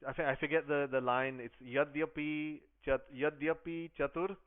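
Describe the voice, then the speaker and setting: A man with a smooth, resonant voice tells a devotional story and explains its verses, circling back eagerly over his words. He recites the verses slowly in a chanting way. The sound is thin and boxy, like a phone line. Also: fairly high pitch, little pitch movement.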